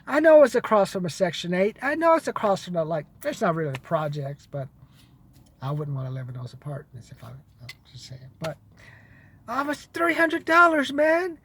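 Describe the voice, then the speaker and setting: A man's voice: a little high, fairly quick, slight background noise. A man giving blunt, profane money advice in a casual monologue to camera.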